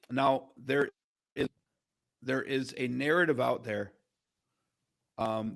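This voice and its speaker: A man's voice: mid-range voice, creaky. A man hosting a live stream and talking casually, with lots of ums and restarts. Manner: casual, filler-heavy, loose. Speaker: host.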